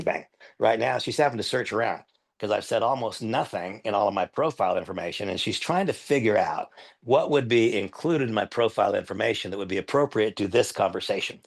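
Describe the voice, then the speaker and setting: Speaking low into a headset mic, an older man with a gravelly, somewhat husky voice leads a training demo. He's earnest and emphatic, circling back to hammer his points home.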